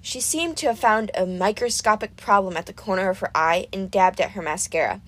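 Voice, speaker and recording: A woman narrating a first-person audiobook in an expressive, storytelling manner. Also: medium pitch, brisk.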